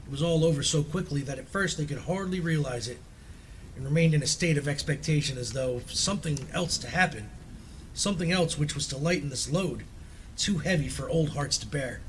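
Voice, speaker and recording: A man reading a classic horror story aloud in a measured, solemn way. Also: fairly high pitch, slight background noise, low-quality recording.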